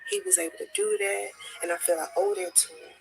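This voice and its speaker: A woman speaking as a distraught grieving mother, gravelly. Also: medium pitch, sing-song, a little mellow, soft background music, low-quality recording. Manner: halting, repeating herself, swinging between near-whisper and raised voice. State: distraught, on the edge of tears. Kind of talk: emotional personal testimony.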